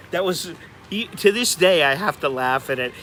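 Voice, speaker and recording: American male vlogger, slightly high voice, animated storyteller, faint street noise behind. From United States. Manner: animated, bursts into high-pitched laughter and acted-out exclamations. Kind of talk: casual storytelling livestream.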